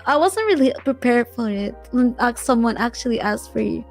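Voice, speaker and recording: High-pitched giggly young woman guest. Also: expressive, normal speed, soft background music. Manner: giggly, hesitant, repeats words. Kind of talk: casual interview chat.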